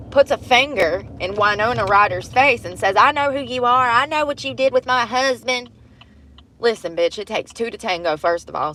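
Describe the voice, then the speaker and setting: A woman's voice: mid-range voice, fairly bright tone, a little hiss or hum, poor audio. A woman chatting bluntly on a livestream, laughing often and acting out quotes from a movie. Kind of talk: casual chat.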